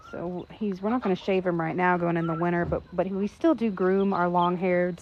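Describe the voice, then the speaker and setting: A woman's voice: on the low side, darkish tone, slight background noise. A woman in her thirties who runs an animal rescue, chatting casually outdoors in the rain with many fillers and cooing at her birds. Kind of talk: casual vlog chat. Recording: dull lo-fi outdoor sound, faint rain and clucking.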